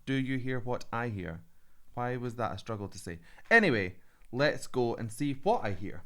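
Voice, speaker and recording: Male vocal coach, reaction commentary, smooth clear tone, mid pitch, analytical and keen. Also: sing-song, moderate pace, pushed and bright. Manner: analytical and enthusiastic, prone to laughing. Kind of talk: reaction commentary on a singing video.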